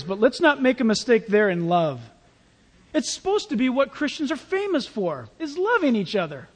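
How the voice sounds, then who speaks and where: Very high-voiced man preaching in a reverberant hall. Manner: conversational, animated preaching with playful asides. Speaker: pastor. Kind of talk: sermon.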